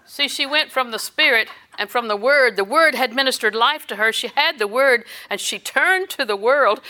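A woman's voice: fairly high pitch, sharp tone. An older woman minister preaching a sermon, telling personal stories with quoted dialogue and occasional laughter.

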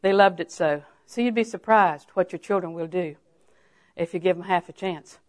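An older woman preacher giving a sermon, telling homely stories and then rising into emphatic, drawn-out exhortations. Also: on the low side. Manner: folksy storytelling that rises to emphatic, drawn-out exhortation.

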